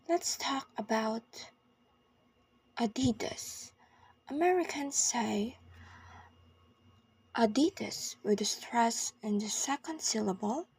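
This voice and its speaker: Woman reading a pronunciation lesson, super slow, breathy and husky, kinda high voice. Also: a little mellow, dry recording. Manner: slow, careful enunciation with long pauses. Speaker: pronunciation teacher.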